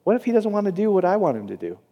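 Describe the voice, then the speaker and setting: A man preaching a sermon, animated and joking, acting out quoted voices for his congregation. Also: high voice, very fast, long reverb tail, highs cut off. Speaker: pastor.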